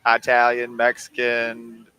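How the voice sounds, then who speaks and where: A man hosting a casual livestream chat, teasing his guest in an animated way. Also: medium pitch, takes it slowly, clear, resonant tone. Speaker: host.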